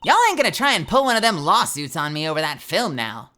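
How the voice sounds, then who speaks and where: A woman doing a loud drawling Southern gal. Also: sits low, very animated, fast, background noise, voice pushed down. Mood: defensive. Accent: American Southern. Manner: drawling, boisterous, folksy. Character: brash Southern woman photographer, loud and folksy. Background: music.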